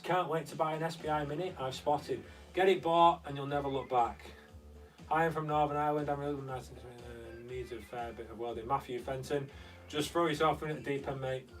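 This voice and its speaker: A young man hosts a casual live stream from a converted studio room, chatting and answering viewer comments as they come in. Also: fairly high pitch. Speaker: host. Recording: slightly distant mic with faint guitar music.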